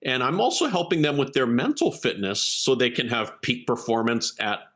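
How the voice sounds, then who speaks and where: A man's voice: medium pitch, normal speed. A man, a keynote speaker and executive coach, telling an earnest story as an interview guest and acting out the quotes. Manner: earnest, animated storyteller who acts out quotes.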